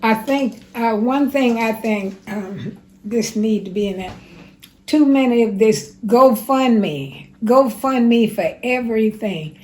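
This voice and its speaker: A woman in her nineties, plainspoken and unhurried, recounting her life and giving advice in an interview. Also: fairly high pitch, darkish tone, slight background noise, rough recording. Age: 90s. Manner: slow, plainspoken, unhurried storyteller. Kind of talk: casual spoken reminiscence.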